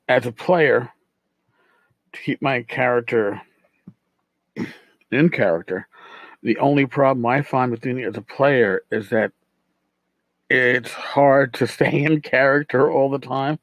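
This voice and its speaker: A man's voice: medium pitch, no echo, rough recording. A man from New York City, hosting a podcast and talking casually, rambling and swearing freely. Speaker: podcast host and game master.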